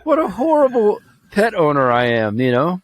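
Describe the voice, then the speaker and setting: A man's voice: sits high, huge pitch swings, normal speed, dry recording. A man from Alabama co-hosting a podcast, talking bluntly with swearing and jokes in casual chat. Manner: blunt, profane, joking. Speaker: podcast co-host.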